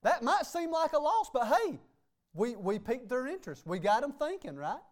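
A man's voice: very high-pitched, sing-song, moderate pace. A man preaching a sermon as pastor, emphatic and repeating "hey" and "okay" between phrases. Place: church sanctuary.

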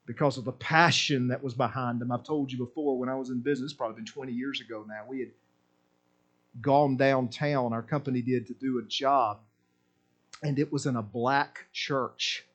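A man preaching a sermon with passion, swinging between loud exclamations and low, quiet asides in a repetitive, emphatic cadence. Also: fairly even intonation, normal speed, lo-fi sound.

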